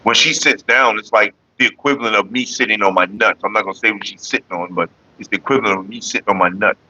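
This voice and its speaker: A middle-aged man chats bluntly and profanely with his livestream viewers. His voice is bright and forceful, and it sits in a dry, close-sounding space. The recording is a little dull and lo-fi. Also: fairly low pitch, quick pace, no room sound. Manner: blunt and profane, talks straight to chat. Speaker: livestream host. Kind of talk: casual livestream chat with viewers.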